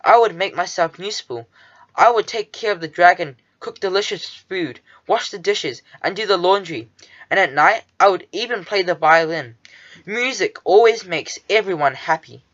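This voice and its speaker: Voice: medium pitch, animated, normal speed, a bit bright, dull audio, lightly acted. A reader voicing a small, devoted male cockroach who speaks earnestly and wistfully.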